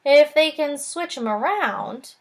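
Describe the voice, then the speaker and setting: A woman's voice: high-pitched, animated, takes it slowly, pitched above the performer's own voice. A woman voicing a wisecracking boy of about twelve with a dry, offhand way of talking in a children's book reading.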